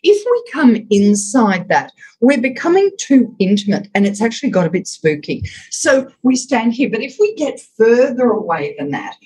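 In a low-quality recording, a fairly high-pitched woman talks at a moderate pace with few pauses, her delivery sing-song and a little mellow. As a communications expert on a podcast, she makes her points with emphasis and demonstrates by performing voice examples.

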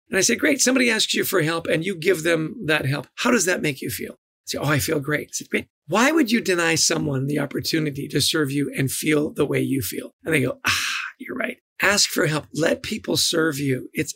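A man's voice: on the high side, a little fast, creaky, few pauses, a bit bright, husky, no room sound. A middle-aged man telling stories as a podcast guest, enthusiastic and given to repeating his words. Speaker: guest, leadership author. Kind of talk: podcast interview.

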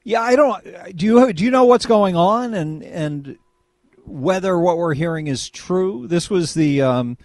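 A male radio talk show host working the phones, pushing callers with quick, pointed questions. His voice sits a touch higher than most men's and comes across close and dry on a studio microphone, with no room sound around it. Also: animated, a little mellow, dry recording. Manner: brisk, prodding questions to callers.

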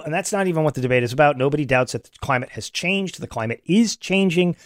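A man giving opinionated political commentary in an animated way, with many restarts. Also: on the high side, fast talker, hardly any pauses, dry recording, studio quality.

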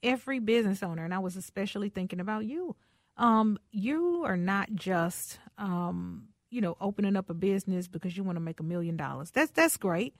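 A woman's voice: medium pitch, lively intonation, fairly quick, no room sound, studio quality. A woman hosting a radio talk show, exuberant and teasing, often laughing as she talks. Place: radio studio.

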